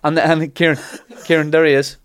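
A man retelling an old legend as comic chat, acting out the characters' lines in animated bursts. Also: fairly high pitch, fairly quick, smooth, no echo. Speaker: podcast host telling a legend.

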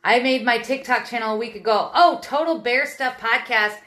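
A woman's voice: fairly high pitch, moderate pace, a bit bright, reverberant. A woman from Western Pennsylvania hosting a podcast stream, chatting casually, laughing often and greeting viewers by name. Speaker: podcast host. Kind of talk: casual live-stream chat reading comments.

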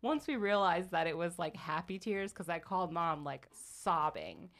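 A woman's voice: on the low side, very animated, moderate pace, creaky, a bit bright. A woman from the Baltimore area co-hosting a podcast with her sisters, chatting casually, rambling and laughing often. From Baltimore, Maryland area. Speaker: podcast co-host. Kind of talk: casual chat among sisters.

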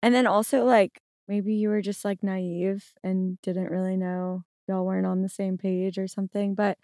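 A young woman from New Orleans, a podcast guest who talks in a relaxed, rambling way full of fillers. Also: medium pitch, no room sound, clean studio sound. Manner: relaxed, rambling, many likes. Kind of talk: casual chat.

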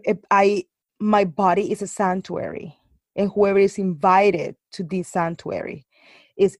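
A woman's voice: lowish voice, no echo. A woman guest in a casual interview, talking earnestly with frequent restarts and hesitations. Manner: halting, restarts often, earnest.

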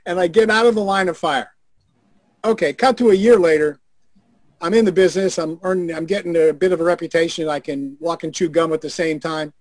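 On a video call show, an older male guest shares anecdotes in a high, spirited voice, swearing freely and impersonating the people he quotes. He talks a little fast, and the recording is dry with no room sound.

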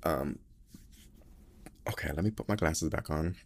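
A man hosting a podcast, chatting casually and reading listener letters in a sassy, profane, animated way, sounding tired. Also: extremely low pitch, measured pace, slight background noise. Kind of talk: casual chat.

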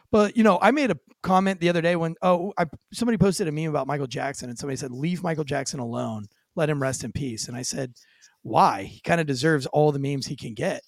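A man's voice: fairly high pitch, fast talker, no room sound, studio quality. A man hosting a podcast interview, chatting casually and telling stories with quoted voices. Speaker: podcast host.

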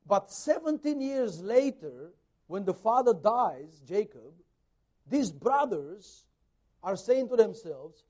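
With a high voice and a slow pace, a man preaches a sermon, animatedly retelling a Bible story as his loudness rises and falls.

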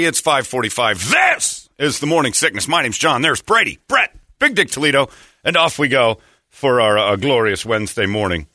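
A man hosting a morning radio show, chatting casually with rambling, animated storytelling. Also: mid-range voice, moderate pace, no room sound, clean studio sound, faint music behind. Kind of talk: casual chat.

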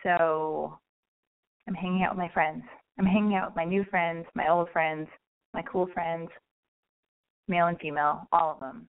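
A woman's voice: fairly low pitch, steady tone, moderate pace, long pauses. Rambling, cursing woman host on a thin line. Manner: rambling, blunt and swearing, jokey. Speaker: radio call-in host. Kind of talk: casual call-in chat. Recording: thin phone-like sound.

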